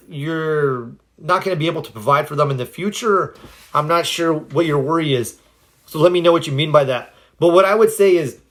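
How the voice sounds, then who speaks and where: A man's voice: fairly high pitch, fairly bright tone. A man giving earnest, encouraging self-help advice on a phone livestream, answering viewers' questions, his voice a little cracked. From United States. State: slightly cracked voice.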